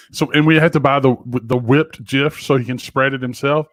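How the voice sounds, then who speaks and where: A man's voice: mid-range voice, a little fast, few pauses, no room sound. A man co-hosting a podcast in casual banter. He tells loose, profane stories and acts out the people he quotes. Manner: loose storytelling full of profanity and acted-out quotes. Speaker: podcast co-host.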